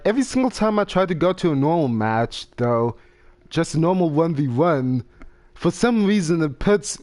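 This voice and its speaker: A man's voice: fairly high pitch, darkish tone. A young man hosting a casual gaming podcast, rambling and trailing off while he browses game menus. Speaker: gaming channel host.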